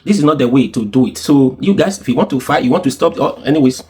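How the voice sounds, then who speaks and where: A man's voice: mid-range voice, quick pace, a little mellow, a little hiss or hum. A man with a Nigerian accent giving heated, insistent commentary full of rhetorical questions and repetition. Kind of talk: opinionated political commentary.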